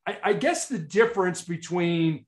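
A man's voice: high voice, moderate pace. A middle-aged man from Chicago, a motivational speaker telling stories as a podcast guest and acting out the lines he quotes. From Chicago, United States. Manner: animated storyteller, acts out quotes. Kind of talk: storytelling interview talk.

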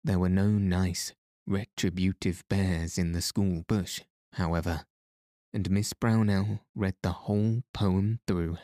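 A man reading a novel aloud as narrator, in a measured, expressive storytelling manner. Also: low voice, dry recording, studio quality. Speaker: audiobook narrator. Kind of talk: scripted narration.

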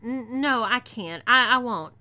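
A woman's voice: medium pitch, sing-song, normal speed, sharp tone. Texan woman voicing a stammering captive cowboy. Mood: frightened. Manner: stammering, meek, rough Western talk. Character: frightened captured outlaw man being feminized.

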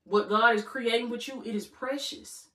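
A woman life coach preaches a faith-based motivational talk, repeating her lines in call-and-response fashion. Her voice is bright and cutting. The sound is roomy and a little far from the mic. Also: a little high, steady tone, moderate pace. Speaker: life coach and channel host. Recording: roomy room, distant mic.

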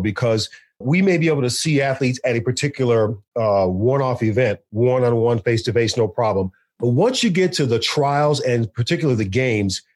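A male sports broadcaster hosts a podcast in a chatty, animated style, dropping fillers as he goes. His voice is mid-range in pitch, heard over a video call. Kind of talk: casual podcast talk and interview.

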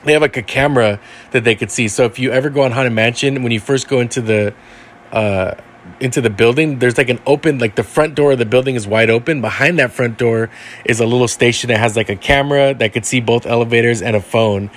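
A man's voice: medium pitch, fast talker. Man telling a ghost story casually. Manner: rambling, lots of fillers and "like". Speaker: guest storyteller.

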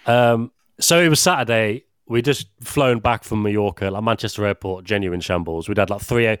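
A man's voice: fairly low pitch, normal speed, smooth, no echo, studio quality. A young man, telling a rambling story in casual podcast chat and swearing casually. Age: young adult. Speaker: podcast regular.

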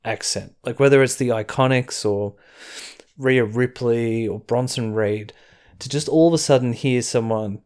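A man's voice: mid-range voice, unhurried, a little mellow, clean tone. Chatty Australian man recapping wrestling. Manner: chatty, rambling, chuckling asides. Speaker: podcast host.

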